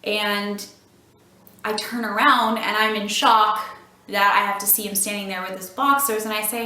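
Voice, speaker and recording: A woman recounting a personal story with halting restarts. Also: mid-range voice, flat delivery, sharp tone. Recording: echoey, distant from the mic.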